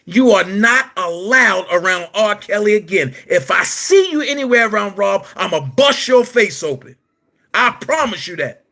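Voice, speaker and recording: Male commentator, high and animated, confrontational vlog rant. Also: moderate pace. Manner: confrontational, addresses his target directly, reads out article passages.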